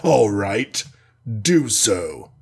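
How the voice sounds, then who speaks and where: A cold alien conqueror who drags out every threat slowly and gravely, as a man reads him aloud. His voice sits low and husky, with a storybook menace. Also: sing-song, darkish tone, exaggerated voice. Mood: scornful.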